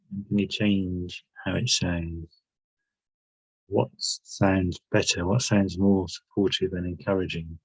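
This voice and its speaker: Slow, gravelly man guiding reflection. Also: low voice, dry recording, rough recording. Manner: reflective, asks many questions, pauses and restarts. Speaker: workshop leader. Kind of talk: guided self-help talk.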